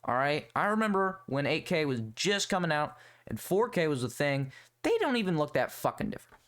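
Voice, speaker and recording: A man's voice: on the high side, big pitch swings, a little fast, fairly bright tone. A young man hosting a solo podcast, rambling and swearing in a sarcastic, casual rant. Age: young adult. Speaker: podcast host.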